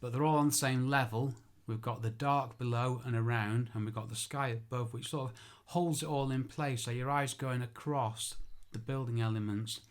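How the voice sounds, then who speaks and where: A man's voice: medium pitch, steady tone, normal speed, few pauses. Chatty self-correcting man. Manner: chatty and self-deprecating, corrects himself aloud. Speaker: architectural photographer. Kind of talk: informal spoken tutorial.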